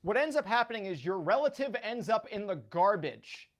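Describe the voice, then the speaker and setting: A man from South Florida, a guest analyst chatting casually on a radio show, telling animated stories. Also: sits high, brisk. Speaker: sports betting analyst guest. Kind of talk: casual chat.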